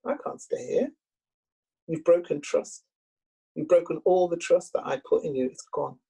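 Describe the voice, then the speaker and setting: A wounded wife, quiet and firm, as a woman storyteller plays her. Her voice is low-key, dark and gravelly, with a husky edge and a grave tone. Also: moderate pace, full character voice. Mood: grieved.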